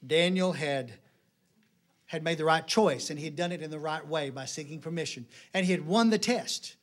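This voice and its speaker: Joking high-voiced preacher man. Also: normal speed. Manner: folksy, joking, animated storytelling. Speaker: pastor. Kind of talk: sermon with jokes.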